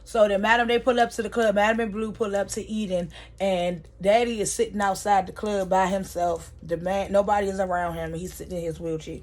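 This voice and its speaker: A woman's voice: mid-range voice, fairly even intonation, a little fast, few pauses. A woman casually recapping a TV episode, retelling scenes by quoting the characters and talking straight to her viewers.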